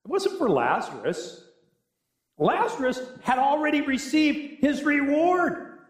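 A male pastor preaching a sermon with animated, humorous storytelling. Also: extremely high pitch, slow pace. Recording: echoey room.

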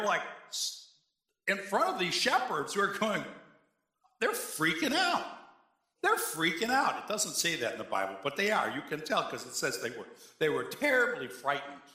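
A high, lively male voice preaching a sermon, bright and forceful in tone. He talks to the congregation casually, tossing in asides and rhetorical questions. The sound rings around a roomy church. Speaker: pastor. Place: church sanctuary.

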